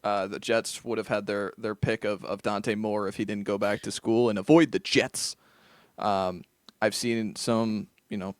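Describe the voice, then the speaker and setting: A man co-hosts a football podcast, talking in a loose, conversational way and often restarting his sentences. His voice is lowish at a normal speed, recorded in studio quality with no room sound.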